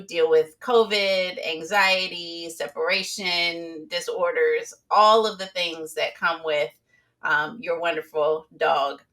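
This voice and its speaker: A woman hosting a talk show, upbeat and quick to laugh, wrapping up an interview. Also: on the low side, pushed and bright. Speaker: show host. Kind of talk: casual interview chat.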